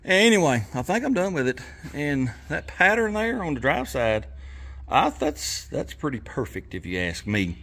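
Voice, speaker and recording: Folksy man in his garage, slightly raised pitch, out of breath, easygoing drawl. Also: very animated, normal speed, fairly bright tone. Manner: folksy drawl, rambling and self-deprecating. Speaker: garage channel host. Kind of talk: casual workshop vlog. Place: home garage.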